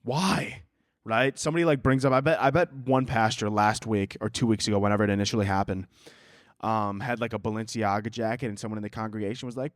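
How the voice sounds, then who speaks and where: A man's voice: on the low side, steady tone, fast, no room sound, clean studio sound. A man hosting a solo podcast, ranting casually with sarcasm and profanity and laughing at his own jokes. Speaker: podcast host.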